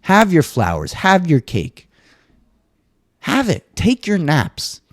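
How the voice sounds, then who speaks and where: Animated swearing man on a podcast. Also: slow, no room sound, studio quality. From US East Coast. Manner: animated, swearing, jumps into high mock voices. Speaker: podcast host. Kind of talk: casual solo monologue.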